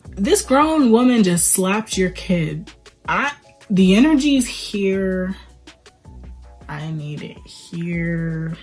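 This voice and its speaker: A woman giving a casual movie commentary, retelling scenes in an animated, sarcastic way and swearing now and then. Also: medium pitch, slow pace, faint music behind. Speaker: movie reviewer, channel host.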